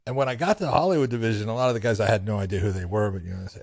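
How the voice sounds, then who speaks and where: A man co-hosting a podcast, chatting casually and telling stories with lively, profane asides. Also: on the low side, rapid-fire, gravelly, husky, no echo, clean studio sound. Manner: lively storytelling, casual swearing. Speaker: podcast co-host. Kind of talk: casual chat.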